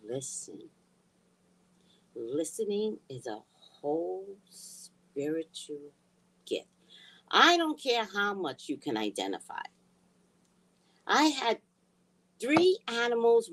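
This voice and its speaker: Blunt husky-voiced woman ranting. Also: mid-range voice, low-quality recording. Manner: blunt, heated, swears freely, swings from hushed to shouting. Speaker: spiritual reader and vlogger. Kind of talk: casual storytelling rant.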